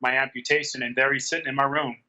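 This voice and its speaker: A man's voice: mid-range voice, little pitch movement, quick pace, bright, forceful tone. A man guest in a casual interview, retelling phone conversations with quoted back-and-forth lines, speaking over a remote call from a garage. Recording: dull, lo-fi call audio.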